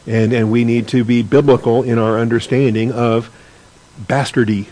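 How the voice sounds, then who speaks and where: A man's voice: mid-range voice, flat delivery, normal speed, mellow, rough recording. Earnest man teaching a Bible class. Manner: earnest, repeats words while searching for phrasing.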